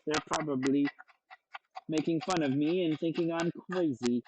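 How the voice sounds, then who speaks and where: Playful young male cooking host, slightly high voice, loose and profane. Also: a little fast, background noise. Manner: playful, joking, swears freely. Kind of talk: casual cooking demo.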